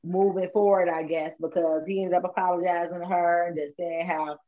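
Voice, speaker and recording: A woman co-hosting a podcast, recounting celebrity gossip in a slow, drawn-out casual way with fillers. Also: on the low side, flat delivery. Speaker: podcast co-host. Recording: dull lo-fi sound.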